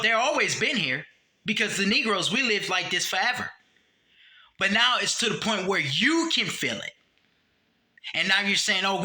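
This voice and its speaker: A man giving a blunt, profane, preachy monologue, quoting scripture and swinging between raised emphasis and low, dropped-voice warnings. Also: bright, forceful tone. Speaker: religious commentator.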